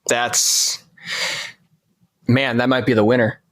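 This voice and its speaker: A man's voice: medium pitch, level tone, slow pace, no room sound, studio quality. A man co-hosting a casual car podcast, chiming in with wry asides. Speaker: podcast co-host.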